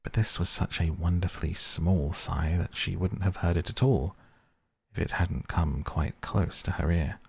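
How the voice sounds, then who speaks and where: Deep gravelly male storyteller. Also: steady tone, measured pace, a little mellow, no room sound, studio quality. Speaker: narrator. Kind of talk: audiobook reading.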